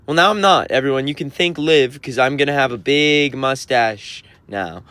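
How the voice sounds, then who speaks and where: A man's voice: medium pitch, normal speed, bright, forceful tone, no room sound. Sassy man reading livestream chat. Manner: sassy, teasing, mock-offended. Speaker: touring musician.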